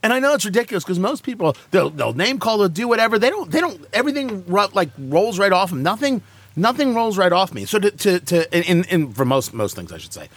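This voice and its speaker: Man, talk host, lively pitch, sarcastic, casual banter, dry close sound. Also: breathy edge, no room sound. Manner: animated, sarcastic, quick asides.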